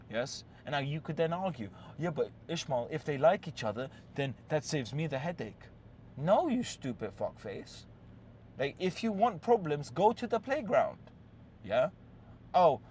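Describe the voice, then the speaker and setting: A man with a medium-pitched, slightly mellow voice hosts a relationship-advice talk over slight background noise. He tells a story in a blunt, profane, casual way, often checking in with "yes?" and "right?".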